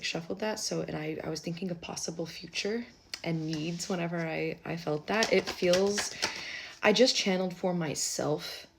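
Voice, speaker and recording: Woman, lower voice, casual tarot reader, rambling and chatty with mumbled asides. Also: noisy background. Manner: chatty, rambling, with offhand asides and soft muttering. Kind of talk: casual live tarot reading.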